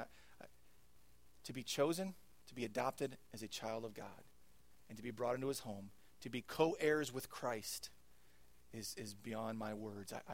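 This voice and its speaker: A male pastor preaching a sermon in an earnest way, swinging between hushed, intimate lines and loud, emphatic ones. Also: mid-range voice, creaky.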